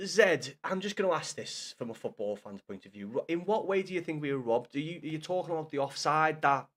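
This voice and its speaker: A man's voice: fairly high pitch, lively intonation, normal speed, few pauses, fairly bright tone. A man chatting with his live-stream viewers, full of banter and swearing, repeating himself and calling them lad and mate. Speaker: streamer reading chat.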